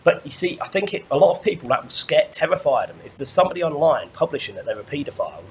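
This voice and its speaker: A man's voice: on the high side, big pitch swings, fast talker, a little hiss or hum. A man delivering a rambling monologue rant, stumbling over restarts and swearing often. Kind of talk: ranting monologue.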